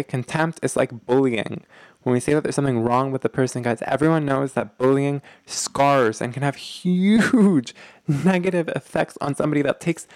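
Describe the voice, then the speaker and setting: A man's voice: fairly high pitch, darkish tone, dry recording. Earnest man giving relationship advice, dry sound. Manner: earnest, emphatic, keeps checking in with "okay?"; rambling with many "like" fillers. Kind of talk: direct-to-audience advice talk.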